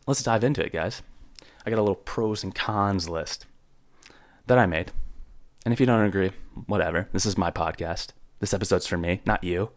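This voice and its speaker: Close to the mic with no room sound, a young podcast host in a low voice goes on a rambling, joking solo rant. He plays up mock outrage for comedy.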